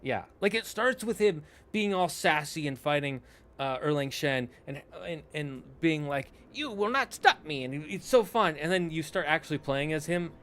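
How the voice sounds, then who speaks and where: A man's voice: fairly high pitch, normal speed, fairly bright tone. A young man streaming, chatting casually and rambling, often correcting himself and breaking off into asides to chat.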